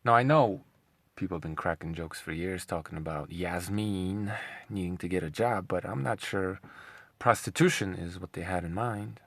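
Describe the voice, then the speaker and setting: A man's voice: low voice, normal speed, no echo. A man hosting an opinionated commentary monologue, sarcastic and scornful, often rambling and repeating himself. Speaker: commentary channel host.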